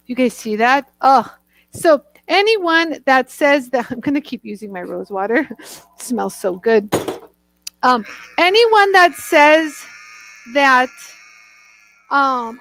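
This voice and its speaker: A woman's voice: high-pitched, animated, takes it slowly, a bit bright, no room sound, low-quality recording. A woman hosting a chatty live demonstration, bubbly and laughing often, greeting viewers by name. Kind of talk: chatty live product demo.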